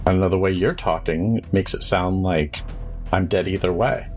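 A scheming healer woman, tied up but icy, threatening in a flat, poker-faced way, as a man puts her on in a tabletop game. The voice sits very low, and faint music plays underneath. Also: normal speed, close to an everyday voice. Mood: cold. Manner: flat poker-faced menace, sharp shrieks when hurt. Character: cold, scheming female healer held captive.

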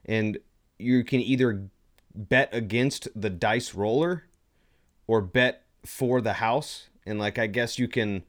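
A man with a fairly low voice talks in a loose, rambling way, full of fillers and restarts. He jokes around in casual chat as a podcast co-host. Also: takes it slowly. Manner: playful, jokey.

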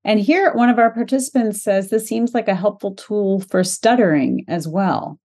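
A woman co-host reading out an audience question, soft-spoken and giving backchannel hums. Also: medium pitch, normal speed.

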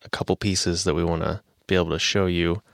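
A man co-hosting a Bible podcast, his voice very low with a gravelly edge. He steers the talk with plain prompts and fillers. The sound is close and dry on a studio mic. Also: little pitch movement, a little fast, a bit bright, no room sound. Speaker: podcast co-host.

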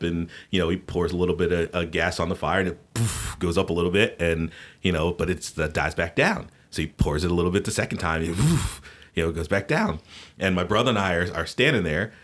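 Middle-aged male podcast co-host, very deep voice, animated storyteller who laughs easily. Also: brisk. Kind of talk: casual storytelling chat.

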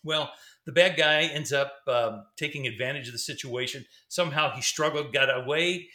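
A man's voice: mid-range voice, normal speed, pushed and bright. A middle-aged man, a former pastor, telling a story casually, rambling with fillers and restarts. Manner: rambling, fillers and restarts, laughs between sentences. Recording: roomy echo.

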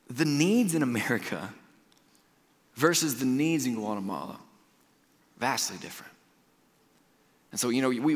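A male pastor preaching a sermon in a church auditorium, talking in a lively, conversational way and swinging from loud to hushed. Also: mid-range voice. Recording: long reverb of a large hall.

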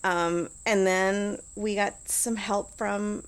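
A woman's voice: mid-range voice, fairly even intonation, slow, a little hiss or hum. A middle-aged woman talking casually as an interview guest, full of "like" and restarts. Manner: chatty, lots of "like" and restarts.

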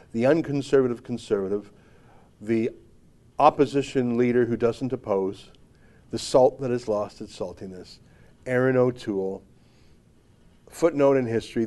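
Sarcastic, animated male commentator. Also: medium pitch. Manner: sarcastic, emphatic, mocking. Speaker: commentary show host. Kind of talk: opinionated political commentary.

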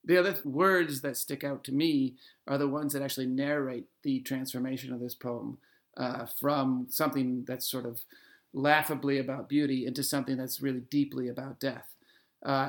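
A man explaining a poem in a playful, animated way in conversation, then reading verse slowly. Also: mid-range voice, vocal fry. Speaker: literature scholar. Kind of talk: conversational discussion and poetry reading.

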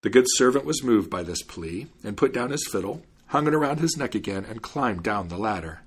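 A male storyteller reads a fairy tale with a husky, slightly breathy voice. His pitch swings lively up and down as he narrates with expression. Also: brisk. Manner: expressive, animated reading. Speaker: podcast host and storyteller.

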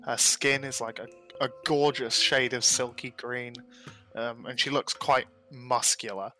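A man narrating a tabletop game as game master, loose and relaxed with plenty of fillers. His voice sits in a middle pitch and sounds bright. Soft music plays beneath. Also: measured pace.

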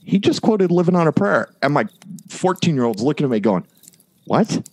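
A man's voice: on the high side, big pitch swings, brisk, darkish tone, breathy edge, no echo. A man in casual chat, telling a long story and acting out the quoted lines.

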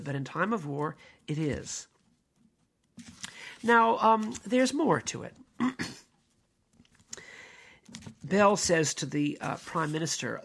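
A man, a priest, lecturing on a play in a halting, digressive way, with many fillers and restarts. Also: on the high side, gravelly, fairly bright tone, breathy edge.

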